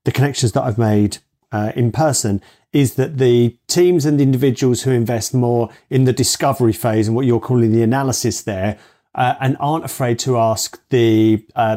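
A man hosting a podcast who reflects on what he has seen in a measured way. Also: medium pitch, dark tone. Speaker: podcast host. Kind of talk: casual interview talk.

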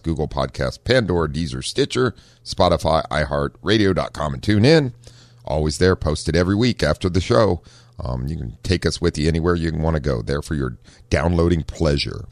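A man's voice: extremely low pitch, dry recording. A man hosting a car-talk radio show, chatting folksily with lots of fillers. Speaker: radio show host, auto shop owner. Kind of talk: casual radio talk with a caller.

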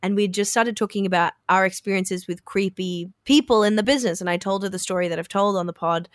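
A woman's voice: mid-range voice, quick pace, dry recording, studio quality. A woman co-hosting a podcast, telling a story in a chatty way and acting out what people said. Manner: chatty, acts out quoted dialogue. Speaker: podcast co-host. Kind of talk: casual storytelling chat.

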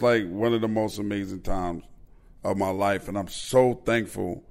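A man, hosting a podcast and telling animated, profane anecdotes in a casual way. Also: lowish voice, unhurried, gravelly. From Queens, New York. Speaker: podcast host. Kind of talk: casual storytelling.

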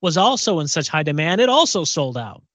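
A man's voice: a little high, very animated, fairly quick, fairly bright tone, dry recording. A man co-hosting a pop culture podcast in casual chat, often repeating words as he thinks. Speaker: podcast co-host.

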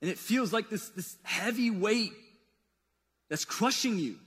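High-voiced casual preacher in a reverberant hall. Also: male voice, animated, measured pace, slightly rough. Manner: casual, conversational preaching with wide swings in pitch and loudness. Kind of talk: sermon. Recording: long reverb of a large hall.

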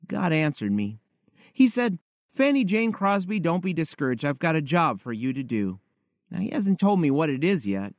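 Man reading as eight-year-old blind girl, earnest, confiding, slightly high, dry sound. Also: no echo, close to an everyday voice. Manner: earnest, wide-eyed, confiding.

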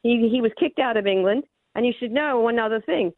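A woman's voice: a little high, a little fast, no room sound. A woman calling a radio show, out of breath and talking in a rambling, emphatic way. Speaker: caller. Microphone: phone. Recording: tinny phone line.

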